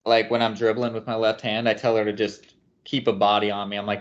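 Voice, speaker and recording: A man hosting a sports podcast, leading the chat in a relaxed, casual way. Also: lowish voice, brisk. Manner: relaxed, leads the conversation. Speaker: podcast host. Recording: dull lo-fi podcast audio.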